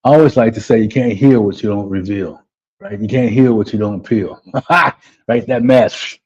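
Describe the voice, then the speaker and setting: In dull, lo-fi audio, a life coach runs a live motivational webinar, repetitively ending his lines with "right?" and "man." His voice is lowish and darkish with a breathy edge, delivered at a moderate pace.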